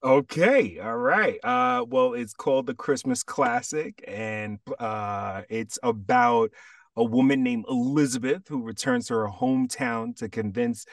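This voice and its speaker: A man from Jamaica, an actor guest chatting casually on a podcast, telling stories in a relaxed way with animated asides. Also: mid-range voice, unhurried, no room sound, studio quality, distant mic.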